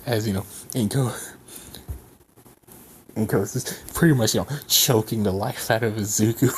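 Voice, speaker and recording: A man's voice: fairly low pitch, fairly even intonation, normal speed, a little hiss or hum. A man narrating an improvised fan story, rambling and filling gaps with fillers.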